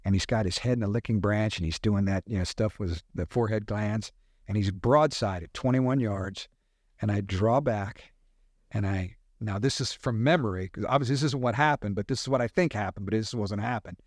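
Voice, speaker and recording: Middle-aged man spinning animated hunting stories. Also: lowish voice, fairly quick, no room sound, clean studio sound. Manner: animated hunting yarns with sound effects. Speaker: podcast guest. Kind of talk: casual storytelling.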